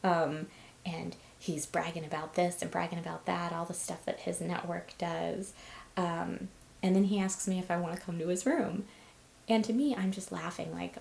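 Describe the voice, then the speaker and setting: A woman's voice: fairly low pitch, steady tone, normal speed, creaky, darkish tone, echoey room. A young woman telling personal stories in a candid, conversational way, with frequent fillers and short laughs. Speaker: host. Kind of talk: personal storytelling vlog.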